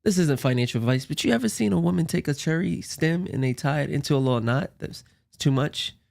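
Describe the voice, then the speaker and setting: Male commentary host, some vocal fry, loose jokey asides while reacting. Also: on the high side, animated, a little fast, noisy background. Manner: joking, rambling asides.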